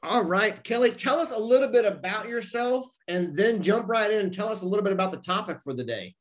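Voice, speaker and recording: High-voiced man hosting a podcast. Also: animated, brisk. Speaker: podcast host. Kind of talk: podcast intro and interview.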